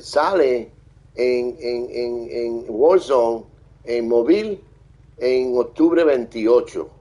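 A husky-voiced man chats casually on his live stream, reading out viewer comments and thanking each one. His delivery is halting and full of fillers and restarts, and his pitch sits right in the middle. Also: low-quality recording. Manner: reads viewer comments aloud and thanks them warmly.

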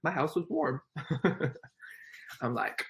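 A man's voice: a little high, slow pace. Giggly young man chatting on a livestream. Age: 20s. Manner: giggly, chatty and excitable, laughs often. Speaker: livestream host. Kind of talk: casual livestream chat, reading comments.

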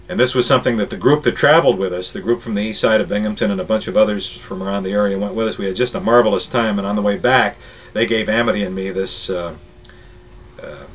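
An older man who worked as a radio morning show host looks back on his career in an interview, rambling through anecdotes with many filler pauses. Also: fairly low pitch, a bit bright, slight background noise. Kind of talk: reminiscing interview storytelling. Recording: voice a bit distant from the mic.

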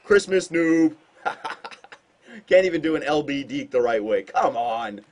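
A man doing casual gameplay commentary on a hockey shootout, excitable and self-mocking, with sudden outbursts. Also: on the high side, slow pace. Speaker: gaming commentator.

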